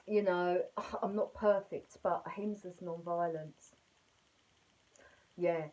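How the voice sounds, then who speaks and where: A woman's voice: fairly low pitch, a little mellow, rough recording. A middle-aged woman teaching yoga basics at home, chatty, rambling and self-mocking. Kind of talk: casual spoken lesson.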